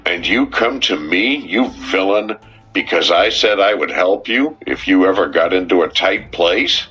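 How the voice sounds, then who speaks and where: A man's voice: low-pitched, expressive, unhurried, pushed and bright, breathy edge, voice pushed up, exaggerated voice. A male narrator voicing a shaken sheriff who stammers and breaks off as he speaks. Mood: indignant. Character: shaken middle-aged sheriff, distraught and faltering. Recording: dull, muffled recording with faint music.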